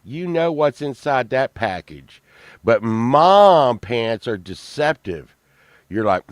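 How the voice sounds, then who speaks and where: A middle-aged Texan man hosting a rambling casual chat, tired from a late night, swinging between mumbles and loud outbursts. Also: medium pitch, very animated, slow, no room sound. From Texas. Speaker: show host.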